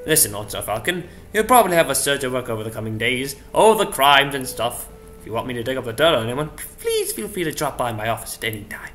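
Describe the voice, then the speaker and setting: A man's voice: medium pitch, sing-song, quick pace, a bit bright. Volps, a man doing a sly fox detective. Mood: scheming. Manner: sly, formal, drops French courtesies. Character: smooth male fox private investigator.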